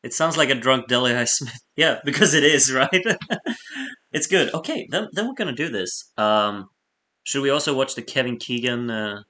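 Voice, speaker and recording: A man's voice: medium pitch, animated, normal speed, sharp tone. Chatty man rambling on a late stream. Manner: rambling, laughs often, reads chat aloud. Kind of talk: casual live-stream chat.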